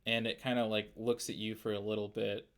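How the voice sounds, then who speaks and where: Low voiced guy running a tabletop game, lots of likes and ums. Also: little pitch movement, brisk. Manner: loose, filler-heavy descriptions. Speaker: game master.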